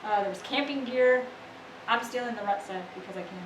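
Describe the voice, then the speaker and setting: A woman's voice: a little high, fairly quick. A woman playing a tabletop role-playing game, listing items in a casual, offhand way. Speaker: player. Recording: distant voice in an echoey room with noise.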